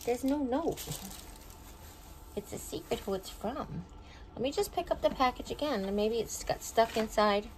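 A woman's voice: on the high side, animated, a little slow, long pauses, a little mellow, a little hiss or hum, rough recording. A middle-aged woman chatting casually at home as she opens and reads fan mail, sentimental and talkative. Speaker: vlogger opening fan mail. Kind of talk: casual unboxing chat. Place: home, indoors.

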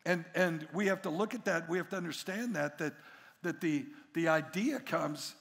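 A middle-aged man preaching a sermon as pastor, an animated storyteller who acts out the voices in his stories. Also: fairly high pitch, moderate pace, in a large hall. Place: large church hall.

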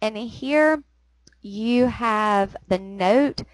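A woman's voice: fairly high pitch, extremely slow, no room sound, rough recording. Woman teacher explaining a poem, lots of ums, dry close sound. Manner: explanatory, with frequent "um"s. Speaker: literature teacher. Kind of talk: recorded lecture.

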